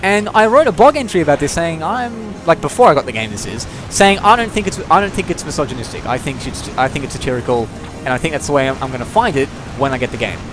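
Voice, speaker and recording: A man's voice: on the high side, expressive, fast talker. A young man doing let's-play commentary, rambling and opinionated, swearing freely and restarting his sentences often. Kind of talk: gameplay commentary rant. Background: game music.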